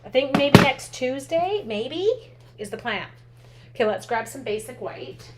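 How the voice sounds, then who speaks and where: A woman's voice: high voice, a little slow. Chatty woman demoing stamping. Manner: chatty and upbeat, thinks aloud, reads viewer comments. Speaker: craft instructor and live stream host. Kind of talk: live stamping demo, chatting with viewers. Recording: steady background noise with clicks.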